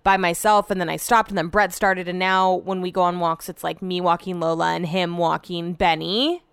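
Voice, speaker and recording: Smooth-voiced woman chatting casually. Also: fairly low pitch, level tone, moderate pace, fairly bright tone, no echo. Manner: rambling, chatty, swears freely, trails off mid-sentence. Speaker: podcast host. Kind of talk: casual solo podcast chat. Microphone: podcast microphone.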